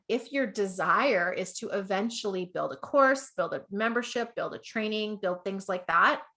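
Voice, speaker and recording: A woman's voice: mid-range voice, sharp tone. A woman with a Canadian accent teaching an online business masterclass, chatty and upbeat, often laughing at herself and checking in with "okay?". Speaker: business coach.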